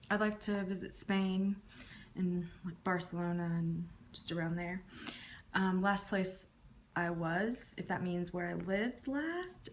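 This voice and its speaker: A woman's voice: medium pitch, a little hiss or hum. A woman in her thirties from the States. She answers tag questions casually and drops her voice at the ends of phrases. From Southern United States. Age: 30s. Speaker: YouTuber.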